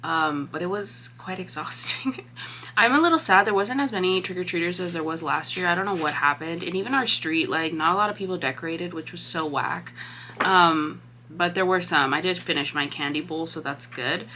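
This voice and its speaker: Laughing, animated young woman vlogger. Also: lowish voice, normal speed, a little hiss or hum. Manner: animated, laughs often, swears casually. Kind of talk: casual vlog chat.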